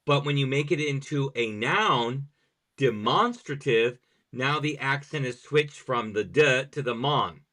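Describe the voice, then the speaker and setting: A man's voice: mid-range voice, measured pace, few pauses, bright, forceful tone. Man, podcast host, language teacher, explanatory, step-by-step examples, conversational.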